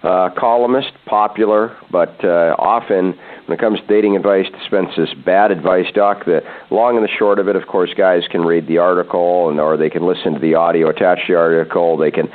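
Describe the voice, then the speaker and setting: A man's voice: low-pitched, steady tone, brisk. A man co-hosting a radio advice show, casually setting up topics and agreeing along. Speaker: radio co-host. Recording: tinny phone line.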